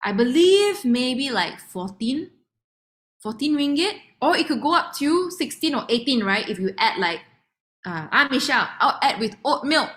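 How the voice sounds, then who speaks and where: A woman's voice: high voice, moderate pace. Chatty Malaysian woman presenting. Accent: Malaysian English. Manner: chatty and lively, acts out quoted customers, laughs often. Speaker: sales presenter. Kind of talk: online product demo presentation.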